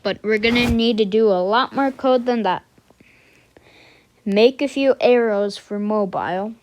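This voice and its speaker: Slow-talking casual woman tutorial maker. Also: a little high, dry recording. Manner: unhurried, thinking aloud with fillers and self-corrections; mutters quiet asides to herself. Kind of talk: casual screen-recorded coding tutorial.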